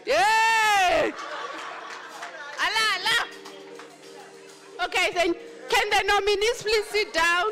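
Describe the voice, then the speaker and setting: A woman's voice: very high-pitched, fairly even intonation, measured pace, long pauses, soft background music, some chatter behind. A woman hosting an awards ceremony, announcing winners with exuberant, teasing energy. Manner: exuberant, teasing, cheering with shouts. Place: large function hall.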